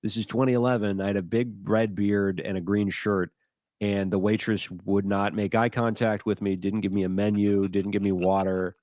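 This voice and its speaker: A podcast co-host rambles through self-deprecating stories in casual chat. His fairly low voice has a flat, slightly mellow delivery at a moderate pace, recorded as clean studio sound with no room echo.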